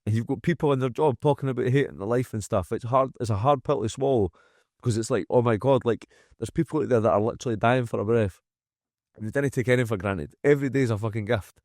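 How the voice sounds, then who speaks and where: A Scottish gym owner, guest on a candid podcast, talks at a quick pace in a mid-range, slightly mellow voice. His manner is frank and emphatic, with free swearing and acted-out quotes of what people say. The studio sound is dry and close-miked, with no room sound.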